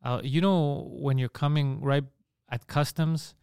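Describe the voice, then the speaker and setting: A man's voice: a little high, unhurried, smooth, no echo, clean studio sound. A man co-hosting a podcast in casual chat, telling stories animatedly and swearing often. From Greek family. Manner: animated storytelling, swears a lot. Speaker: podcast co-host.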